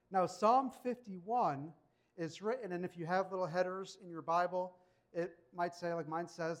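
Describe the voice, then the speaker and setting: High-voiced man preaching a sermon. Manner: storytelling, acts out quoted characters. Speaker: pastor.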